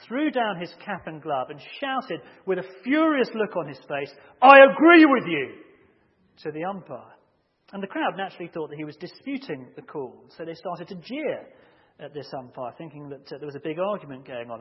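Male preacher, emphatic sermon delivery, muffled lo-fi hall recording. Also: on the high side. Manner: measured, emphatic, building to loud acted shouts in anecdotes. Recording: muffled audio with long hall reverb.

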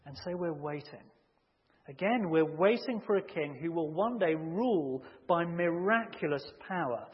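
Man preaching in a reverberant hall. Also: a little high. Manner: measured, emphatic, building to loud acted shouts in anecdotes. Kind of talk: sermon. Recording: muffled audio with long hall reverb.

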